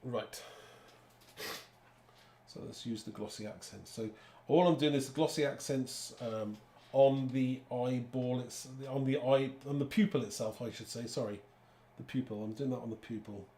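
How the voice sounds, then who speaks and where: A man's voice: mid-range voice, unhurried, warm tone. A man hosting a live card-making demonstration, chatting to viewers as he works. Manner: chatty, talks to viewers while working. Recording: echoey room with faint background noise.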